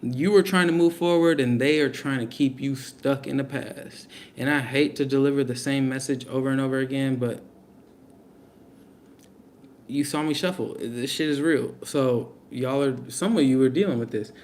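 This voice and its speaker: A man's voice: medium pitch, normal speed, darkish tone, slight background noise. A young man giving a casual live tarot reading, blunt and slangy, talking straight to his viewers. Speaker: tarot reader.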